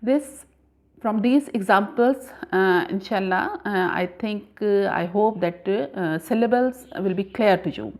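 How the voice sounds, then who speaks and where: A woman teaching a grammar lesson, explaining slowly and repeating points, with frequent pauses. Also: mid-range voice, darkish tone. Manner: slow, deliberate, repeats points with many "uh" pauses. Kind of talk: classroom lesson explaining syllables.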